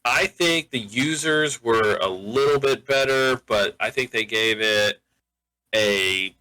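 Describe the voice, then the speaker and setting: A young man co-hosting a podcast in casual chat, easygoing and wry with hesitant pauses. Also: medium pitch, pushed and bright, dry recording, poor audio. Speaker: podcast co-host.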